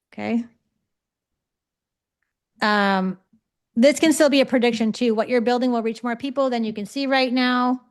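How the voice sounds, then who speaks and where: A woman teaching a live online class over a video call, talking conversationally and checking in often with her listeners. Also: fairly high pitch. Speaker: psychic development teacher.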